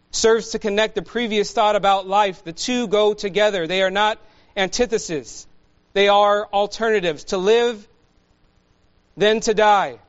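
A high-voiced man preaches a sermon at a deliberate, unhurried pace, pausing for emphasis. The recording sounds a little dull and muffled. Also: clean tone. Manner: slow, measured preaching with emphatic pauses. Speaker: pastor.

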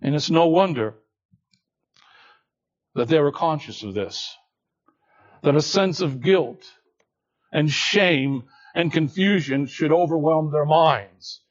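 A man preaching an expository sermon, slow and deliberate, dropping to hushed low tones and then rising to emphatic lines. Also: highs cut off.

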